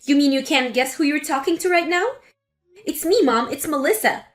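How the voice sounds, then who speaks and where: A woman's voice: high voice, normal speed, soft background music. A woman voicing an indignant adult daughter confronting her mother in a dramatic story reading. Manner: indignant, forceful.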